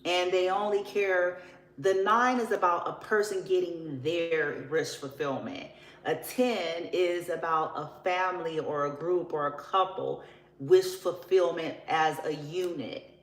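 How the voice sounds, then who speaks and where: A woman's voice: on the low side, measured pace, reverberant, rough recording. Blunt, profane woman reading tarot. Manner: blunt, profane, laughing, drawling. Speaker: tarot reader. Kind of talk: casual tarot reading monologue.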